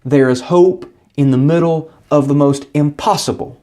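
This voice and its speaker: A male Bible teacher reads a scripted lesson at a moderate pace in a dark voice on the higher side. He tells the scripture story with earnest feeling, briefly voicing the figures who speak in it.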